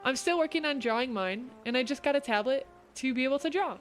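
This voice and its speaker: A woman hosts a casual streamed talk, reading chat questions aloud and answering them with encouraging advice. Her voice sits a little higher than usual. She sounds like she is talking into a streaming mic. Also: fast. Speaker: host.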